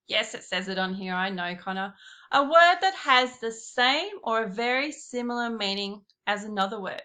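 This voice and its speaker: A woman giving a slow, patient classroom lesson, talking straight to her pupils. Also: a little high, expressive, sharp tone. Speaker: primary school teacher.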